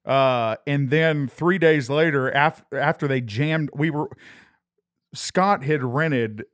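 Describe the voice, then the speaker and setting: A man's voice: on the high side, takes it slowly, fairly bright tone, no echo, clean studio sound. A young man, a musician guest on a podcast, telling road stories in casual chat and laughing as he goes. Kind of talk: casual storytelling.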